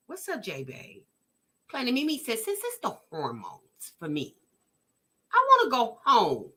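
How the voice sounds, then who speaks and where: A woman hosting a reaction vlog, chatting casually with her live chat in an animated, exclamatory way and often restarting her sentences. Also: fairly high pitch, a little slow. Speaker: vlog host reacting to a video.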